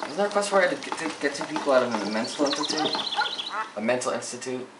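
A man's voice: medium pitch, expressive, fast talker. A man giving live commentary over a role-playing game, swearing and ranting often. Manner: profane, frustrated ranting. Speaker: gameplay commentator. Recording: echoey, distant mic, noisy game sound. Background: game audio with ambience.

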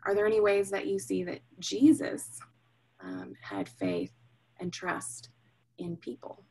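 A woman's voice: medium pitch, very animated, slow pace, dark tone, breathy edge, rough recording. A woman leading a group discussion, hesitant with many ums. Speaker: discussion leader.

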